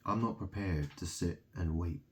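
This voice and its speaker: A man's voice: low-pitched, moderate pace, a little mellow. A man from England delivering a rambling solo monologue, ranting and mocking, swearing freely.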